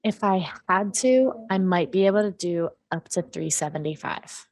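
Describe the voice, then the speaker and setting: Low-voiced woman giving short, measured answers. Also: expressive, no echo. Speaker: role-play customer in a sales training demo.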